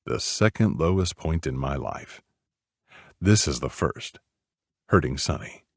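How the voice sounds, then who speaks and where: A man narrating a romance audiobook in the first person, subdued and measured. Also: rumbling low, expressive, creaky, no echo, clean studio sound.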